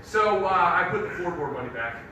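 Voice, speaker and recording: A middle-aged male stand-up comedian with a high voice, telling profane, animated stories full of acted-out quotes. He sounds distant and echoey, as if picked up from across a big theater hall. Audience noise sits clearly underneath. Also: brisk. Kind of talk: live stand-up set. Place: live theater stage.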